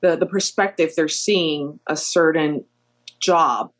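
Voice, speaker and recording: A woman airline captain in her thirties tells her story as a podcast guest. Her voice sits on the low side. She talks in an animated way, with plenty of fillers as she goes. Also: takes it slowly. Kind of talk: storytelling interview chat.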